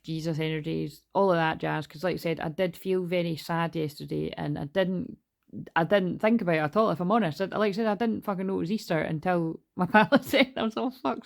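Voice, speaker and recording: A woman in her forties talks in a loose, rambling way, swearing now and then. Her voice sits fairly low and carries a gravelly rasp. She chats casually about spiritual matters from her bedroom. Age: 40s. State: tearful at moments. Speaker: tarot reader.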